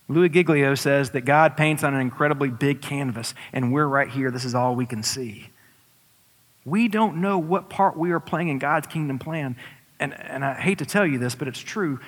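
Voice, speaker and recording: A man preaching a sermon as pastor, building from a calm, honest tone to impassioned, drawn-out pleading. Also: on the high side, in a large hall.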